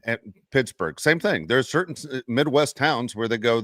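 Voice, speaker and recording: A man hosting a casual sports podcast, talking in an emphatic, animated way. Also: medium pitch, normal speed, dry recording, studio quality. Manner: animated, emphatic trash talk. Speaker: podcast host.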